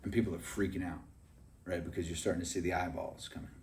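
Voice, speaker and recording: Low-voiced man coaching, recorded from afar. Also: steady tone, quick pace, far from the mic, a little hiss or hum. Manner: conversational, keeps checking in with the listener by asking "right?". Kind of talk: motivational training talk.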